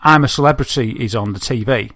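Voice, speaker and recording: A man, co-hosting a podcast and telling an animated story, laughing often. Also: medium pitch, fast, no room sound. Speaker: podcast co-host. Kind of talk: casual chat, telling an anecdote.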